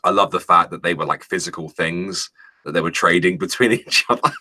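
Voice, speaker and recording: A British man co-hosts a casual chat show, reading out news stories with jokes, casual swearing and frequent laughter. His voice sits low and comes across bright and forceful, a little fast.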